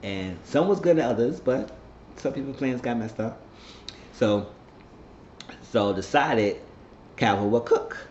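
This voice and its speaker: A man's voice: mid-range voice, animated, unhurried, pauses often, darkish tone, a little hiss or hum. A man casually recapping a TV episode, rambling with loose slang and some profanity. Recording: roomy, slightly muffled home recording.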